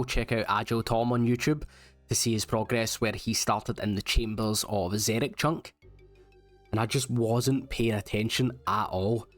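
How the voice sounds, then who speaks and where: Wry male gaming voice-over. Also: mid-range voice. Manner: wry, self-mocking banter. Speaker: gaming YouTuber. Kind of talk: casual game commentary voice-over.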